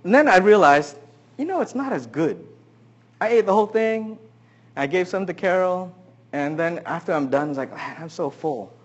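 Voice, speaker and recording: A middle-aged man, a pastor, preaching a sermon, telling a funny personal story with animated swings between loud punchlines and hushed asides. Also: high voice, moderate pace, muffled recording.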